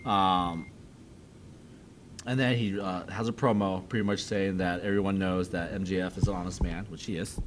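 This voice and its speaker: A man's voice: low voice, steady tone, moderate pace, slight background noise. A man co-hosting a podcast, giving casual, emphatic opinions on wrestling storylines. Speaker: podcast co-host. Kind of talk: casual wrestling recap chat.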